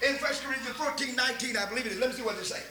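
Older Texan preacher, high and bright, folksy, echoey church. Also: male voice, very fast, slight background noise. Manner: folksy storytelling, repeats words, builds to shouts. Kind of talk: folksy sermon.

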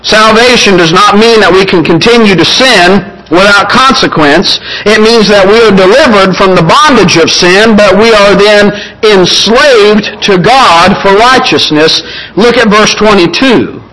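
Bright, high-voiced male preacher. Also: low-quality recording. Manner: measured, emphatic, slows on key phrases. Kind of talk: sermon.

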